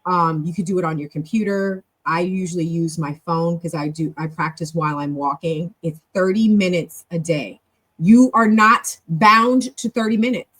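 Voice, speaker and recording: Animated, fast-talking middle-aged woman host. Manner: animated and chatty, with big jumps in pitch and loudness; talks fast, with self-corrections. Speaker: show host and club leader. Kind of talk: casual live-stream talk.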